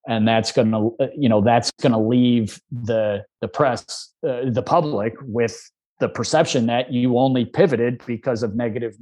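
Calm, measured man giving advice. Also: mid-range voice. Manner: measured, calm, with frequent restarts. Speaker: media relations advisor, former reporter. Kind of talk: conversational interview answer.

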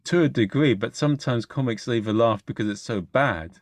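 Male podcast host, mid-pitched, halting and profane interviewer. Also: no room sound. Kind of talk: casual podcast chat.

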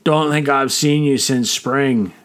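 A man's voice: mid-range voice, takes it slowly, smooth, close to an everyday voice. A man doing a slurring old drunk sailor. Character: drunken old male sailor, boastful and bawdy.

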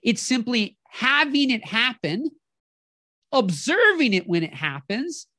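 A podcast host giving a motivational talk in an animated way, often acting out inner voices and checking in with the listener. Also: mid-range voice, dry recording, studio quality. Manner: animated, acts out inner voices, keeps asking "right?".

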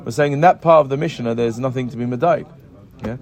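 A man leads a Talmud study class in an even, mid-pitched voice. He explains each point step by step, keeps checking with his students with "right?" and "yeah?", and stumbles and restarts as he reads out the text. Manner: asks the class questions, frequent "right?" checks; halting restarts while reading text. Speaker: Talmud teacher. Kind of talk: Gemara class mixing English and Hebrew terms.

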